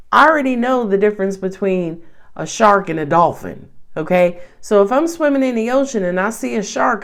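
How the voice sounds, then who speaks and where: A woman with a New York accent giving a casual, chatty tarot reading to camera, with slangy asides. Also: mid-range voice. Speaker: tarot reader.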